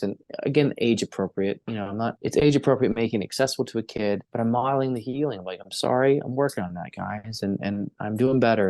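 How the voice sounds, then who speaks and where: A man in his thirties speaks as a therapist in an interview, earnest and open. He talks at a fast clip, often restarting his sentences and posing rhetorical questions to himself. The sound is dry and close, with no room echo. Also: mid-range voice, darkish tone. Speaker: therapist, podcast guest. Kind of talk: conversational interview.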